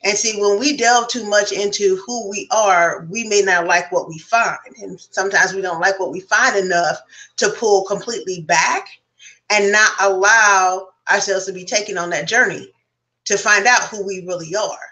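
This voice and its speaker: A woman's voice: mid-range voice, fairly even intonation, normal speed, pushed and bright, low-quality recording. A woman speaking as a guest on a casual round-table chat, frank and reflective, talking at length.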